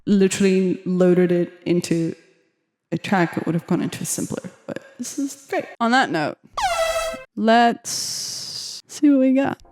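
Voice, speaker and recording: A woman's voice: mid-range voice, expressive, a little slow, a little mellow, dry recording, faint music behind. A young woman chatting and giggling as she makes a beat in her home studio, talking to herself and to viewers. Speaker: beatmaker making a track on camera. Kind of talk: casual chat while making music.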